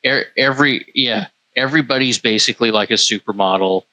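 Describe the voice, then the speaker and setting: Male podcast co-host, bright tone, loose rambling delivery, dry mic. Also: mid-range voice, a little fast, dry recording, poor audio. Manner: rambling, many fillers and restarts. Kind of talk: casual podcast chat.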